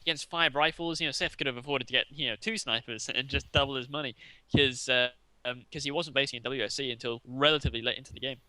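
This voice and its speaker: A man's voice: mid-range voice, fairly even intonation, fast, sharp tone, clear, resonant tone, no echo, low-quality recording. A man co-casting a video game match, chatty and analytical, breaking down the play in casual commentary. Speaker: shoutcaster.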